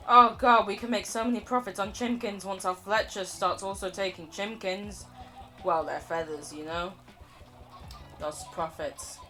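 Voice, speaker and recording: A woman's voice: medium pitch, steady tone, moderate pace, bright, forceful tone, faint music behind. A woman streaming a game, chatting in a rambling, self-mocking way, laughing often and swearing casually. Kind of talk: casual live-stream chatter while playing.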